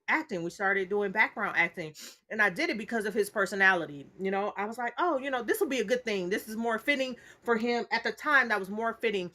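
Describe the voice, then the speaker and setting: A woman's voice: medium pitch, a bit bright. A middle-aged woman hosting a casual live chat, laughing often through her words and calling her viewers y'all. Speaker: host. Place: seated on a stool at home.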